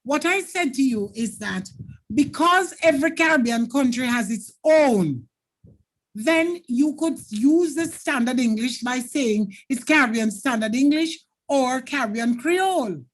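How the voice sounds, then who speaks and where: A woman's voice: sits high, expressive, measured pace. A Jamaican woman teacher running a live online exam-prep lesson, explaining patiently and thanking viewers by name.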